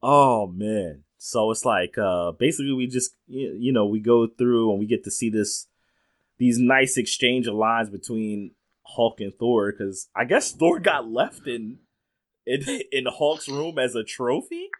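A man's voice: medium pitch, a little slow. A man casually chatting about a film, laughing often and acting out scenes as he retells them. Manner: laughs often, animated retelling with quoted lines. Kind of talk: casual movie chat.

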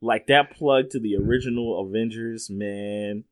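A man's voice: on the low side, unhurried. A man casually chatting about a film, laughing often and acting out scenes as he retells them. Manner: laughs often, animated retelling with quoted lines. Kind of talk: casual movie chat.

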